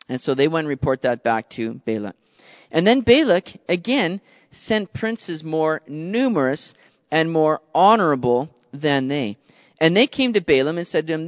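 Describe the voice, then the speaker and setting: A man preaching a sermon in an earnest, conversational manner, reading the verses aloud and then talking them through. His voice sits high for a man. The recording is dull, with a long reverb tail from a large hall. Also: very animated, moderate pace.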